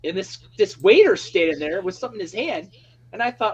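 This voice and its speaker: A man hosting a live stream, telling an excited, rambling story in casual chat. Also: high voice, fairly quick, husky, dull audio. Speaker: livestream host.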